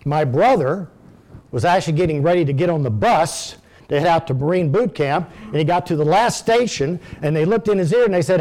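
A man's voice: a little high, a little fast, darkish tone. An older man telling folksy personal stories in a sermon, speaking directly to his congregation. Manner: folksy storytelling, addresses the audience directly.

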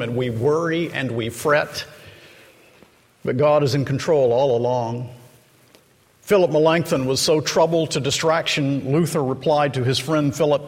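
A man preaching a sermon, retelling the story slowly and dramatically and acting out the quoted lines. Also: fairly high pitch. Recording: long hall reverb.

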